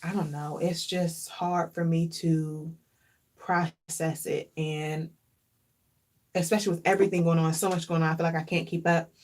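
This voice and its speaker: A woman vlogger speaks in a casual, heartfelt way, her voice sitting a little low. She turns reflective and openly emotional, often repeating a phrase to drive it home. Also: flat delivery, moderate pace, darkish tone. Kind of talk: casual chat.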